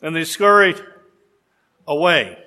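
A man preaching a sermon, telling a story with rhetorical questions and dramatic pauses. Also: fairly high pitch, lively intonation, pushed and bright.

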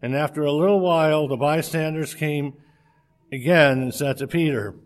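A man with a slightly high voice reads a scripture passage aloud. His delivery is steady and measured, though he makes a few slips.

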